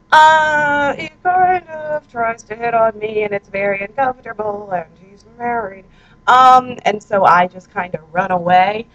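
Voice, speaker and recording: Young woman vlogger, fairly high voice, loose rambling chat, jokey and self-deprecating, recorded at home on a handheld recorder. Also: fairly bright tone, muffled recording. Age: 20s. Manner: rambling, chatty and self-mocking. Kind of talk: casual chat reading out her own posts. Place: her apartment, indoors.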